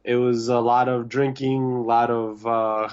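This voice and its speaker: A man's voice: mid-range voice, measured pace, clean tone. Easygoing young man on a dull mic. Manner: relaxed, easygoing, many fillers and hesitations. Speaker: podcast guest. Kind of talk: casual chat. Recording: slightly dull, lo-fi sound.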